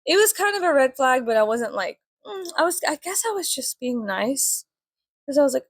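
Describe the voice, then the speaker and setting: Woman vlogger, storytime while doing makeup; slightly high voice with vocal fry, swears a lot, rambles. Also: very animated, normal speed, no echo. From Mexican family. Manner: chatty, swears often, filler-heavy, rambling.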